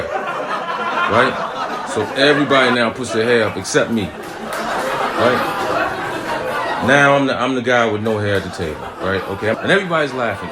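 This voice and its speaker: A man telling a comic story in an animated, profane style, often asking "right?", in a noisy recording. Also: medium pitch. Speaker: comedian, show host.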